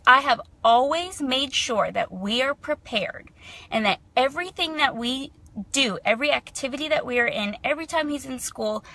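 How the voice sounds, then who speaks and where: Bright-voiced mom venting on a vlog. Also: female voice, a little high. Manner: chatty, heated, frustrated, lots of fillers. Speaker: mother, vlogger. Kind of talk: casual vlog monologue.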